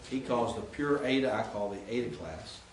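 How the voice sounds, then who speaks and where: A man's voice: lowish voice, expressive, moderate pace. Man lecturing in an echoey classroom. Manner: explanatory, recites word forms. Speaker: Greek teacher.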